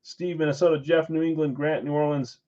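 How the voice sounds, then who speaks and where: Guy running a live card break stream, bit high voice, rattles off names quick w/ chatty side comments, muffled lo-fi sound. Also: fairly even intonation, dark tone. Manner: brisk name-and-team roll call with chatty asides. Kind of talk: casual live-stream roll call.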